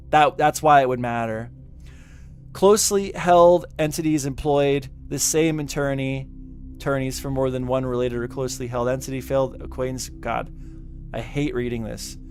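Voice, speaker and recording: A man's voice: mid-range voice, smooth. Exasperated man reading legal text aloud. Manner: exasperated, sarcastic, stumbling over legal wording. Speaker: commentary YouTuber. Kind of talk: casual reaction commentary reading a lawsuit.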